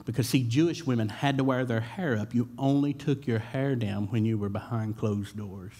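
A man's voice: mid-range voice, moderate pace, warm tone. A man giving a sermon, talking in a casual, conversational way with frequent fillers and repeated starts. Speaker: pastor.

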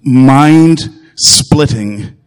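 A man's voice: mid-range voice, very slow, clean tone, in a large hall. A man preaching a sermon as pastor, earnest and emphatic, repeating phrases and putting direct questions to his listeners.

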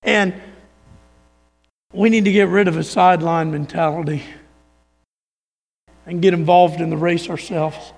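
A male pastor delivering a sermon, his voice pitched high with a gravelly fry. He swings between raised emphasis and hushed, low-key asides. The sound carries a long reverb, as in a large hall. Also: fairly even intonation, unhurried, pauses often. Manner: preaching with swings from raised emphasis to quiet near-murmur.

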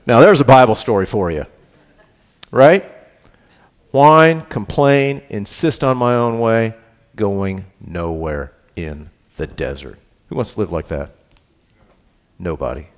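A male pastor walks his congregation through scripture in a relaxed, chatty style. He poses questions and keeps asking "right?" while shifting between low, sincere stretches and lively outbursts.

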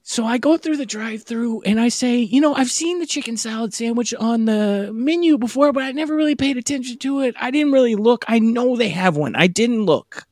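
High-voiced man rambling through a story. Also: a little mellow, no room sound, clean studio sound. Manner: rambling, halting, self-interrupting. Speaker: podcast co-host. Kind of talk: casual comedic storytelling.

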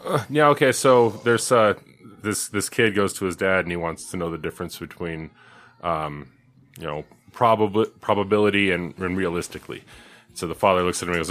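A man's voice: low voice, a little fast, fairly bright tone. A man co-hosting a casual podcast, laid-back and chuckling as he tells jokes. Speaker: podcast co-host. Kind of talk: casual joke-telling chat.

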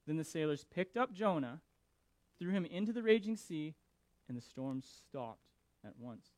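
Animated, fairly high-voiced male preacher. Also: measured pace, no room sound. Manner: animated, emphatic, repeats words. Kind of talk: scripture reading and sermon commentary.

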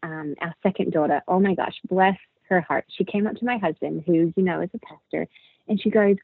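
Woman in her 30s, husky voice, podcast guest, expressive storytelling, dry close sound. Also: lowish voice, brisk, no room sound, phone-quality sound. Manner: expressive storyteller, acts out quotes. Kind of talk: casual chat.

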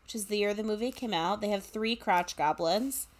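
A woman's voice: medium pitch, normal speed. A woman co-hosting a podcast in casual chat, blunt and swearing freely as she reads movie trivia aloud. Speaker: podcast co-host.

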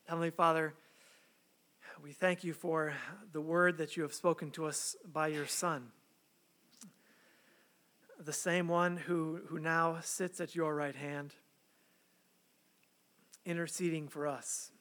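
Man, pastor, high clear voice, earnest conversational sermon, rhetorical questions. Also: level tone, takes it slowly, long pauses, a bit bright. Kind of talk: sermon with scripture reading and prayer.

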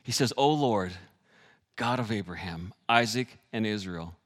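A man preaching a sermon, animated and joking with the audience, swinging between loud and hushed delivery. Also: fairly low pitch, unhurried, big-room sound. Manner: jokes with the audience.

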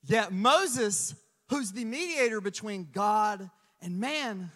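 A man preaching a sermon as pastor, telling stories with lively swings from hushed asides to loud emphasis. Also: sits high, takes it slowly, big-room sound.

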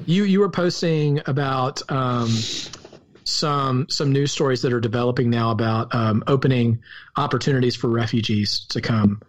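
A man with a Southern US accent, co-hosting a podcast and discussing a film in an earnest, halting way with many restarts. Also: medium pitch, highs cut off. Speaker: podcast co-host.

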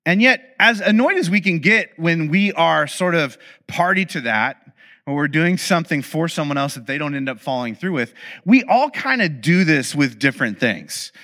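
A man speaks to an audience in a relaxed storytelling way, sliding into funny asides. His voice sits a little high and sounds bright and forward. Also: moderate pace. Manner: animated, acts out quoted dialogue; humorous, confiding asides. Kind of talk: conversational storytelling talk.

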